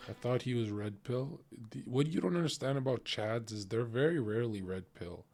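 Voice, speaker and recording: A man's voice: medium pitch, moderate pace, creaky, a little mellow, soft background music. A man streaming and reacting to a clip in casual, crude, opinionated commentary, lecturing his chat and often laughing.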